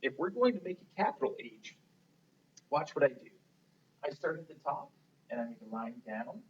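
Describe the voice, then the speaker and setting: A man's voice: a little high, very animated, normal speed, husky, highs cut off. A man teaching a phonics lesson to young children, patient and encouraging, asking them to repeat words after him. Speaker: kindergarten teacher.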